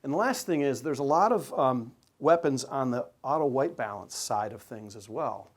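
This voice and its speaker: Man, sports photographer, presenting, enthusiastic, conversational, lots of fillers, mid pitch. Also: expressive, normal speed. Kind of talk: presentation to an audience.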